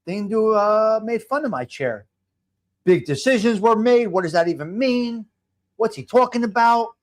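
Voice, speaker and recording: A man's voice: high voice, animated, normal speed. A man in his fifties hosting a casual live stream, greeting viewers by name and rambling as he restarts his sentences. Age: 50s. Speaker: livestream host. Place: home.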